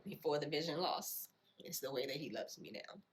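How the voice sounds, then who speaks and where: A woman telling her own life story in a reflective way, often repeating phrases and filling pauses with "you know". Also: low-pitched, lively intonation. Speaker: storyteller sharing her experience. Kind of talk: personal storytelling.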